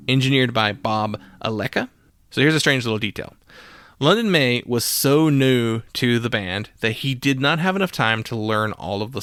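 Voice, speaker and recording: A man's voice: mid-range voice, fairly bright tone, dry recording, clean studio sound. A man hosting a podcast, talking casually about old records with lots of fillers and loose asides. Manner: casual, rambling with frequent fillers. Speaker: podcast host. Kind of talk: solo music podcast monologue.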